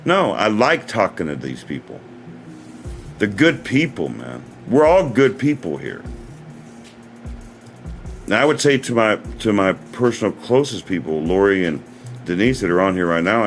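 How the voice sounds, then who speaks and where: A man hosting his own livestream, talking in an earnest, rambling way and often repeating himself. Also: low voice. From United States. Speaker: livestream host. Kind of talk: casual livestream talk.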